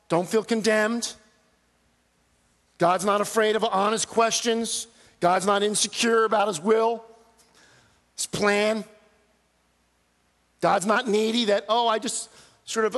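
A man's voice: high voice, fairly bright tone. Man preaching in a reverberant hall. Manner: earnest, preaching with rising emphasis on quoted cries. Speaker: pastor. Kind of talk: sermon.

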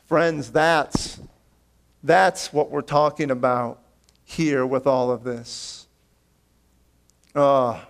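A man preaching a sermon as a pastor, earnest and pleading, calling his listeners friends and swinging between raised emphatic lines and quiet low asides. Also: steady tone, very slow, long pauses.

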